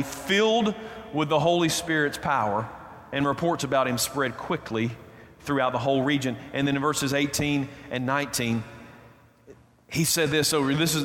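A man's voice: mid-range voice, a bit bright. A man preaching a sermon as pastor, emphatic and repeating his key phrases. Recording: reverberant hall, roomy echo.

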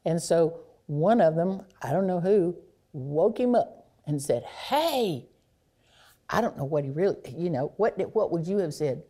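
A woman preaching a sermon, reflective and unhurried, sinking to a near hush on key phrases. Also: sits low.

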